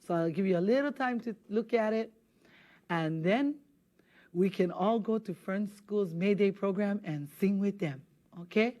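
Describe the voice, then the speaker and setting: Woman, patient studio language teacher, repeats words slowly. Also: mid-range voice, dark tone, lo-fi sound. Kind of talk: televised language lesson.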